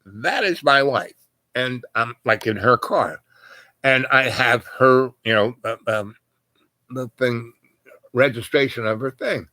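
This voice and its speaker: A man's voice: mid-range voice, steady tone, unhurried, pushed and bright, dry recording. An older man telling a long personal story in a loose, rambling way, full of fillers and asides. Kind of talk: casual spoken storytelling.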